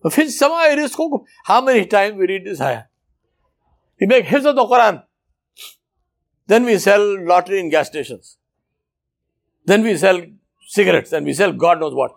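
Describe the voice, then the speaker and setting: A man's voice: expressive, normal speed, vocal fry, pauses often. A man preaching a sermon, telling a story emphatically and dramatically, with Arabic religious phrases woven into his English. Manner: emphatic, dramatic storyteller with wide swings in pitch and loudness.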